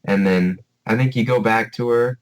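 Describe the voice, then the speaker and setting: A man with a somewhat low voice, chatting loosely as a podcast co-host. He strings thoughts together with plenty of fillers and restarts. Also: moderate pace, poor audio. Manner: rambling, many fillers like "like" and "you know". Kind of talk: casual chat.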